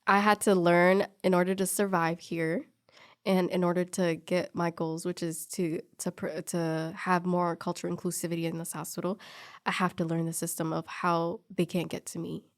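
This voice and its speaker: A woman's voice: fairly low pitch, moderate pace. A young woman telling a personal story in casual chat, acting out the people she quotes. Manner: animated storyteller who acts out quoted people.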